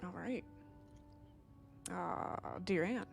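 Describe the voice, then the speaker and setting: Soft-spoken woman with a gravelly voice. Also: medium pitch, animated, faint music behind. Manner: soft-spoken, reads letters slowly with small asides. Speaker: gameplay streamer. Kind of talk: reading game text aloud while playing.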